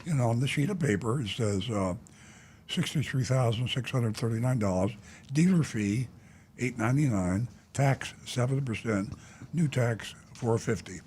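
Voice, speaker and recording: An older man hosts a call-in talk show in a blunt, indignant way, wandering off with plenty of "uh"s and restarts. His voice sits at an ordinary middle pitch, with a faint hiss underneath. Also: normal speed, darkish tone. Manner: blunt, indignant, rambling with many "uh" fillers. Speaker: talk show host, car dealer.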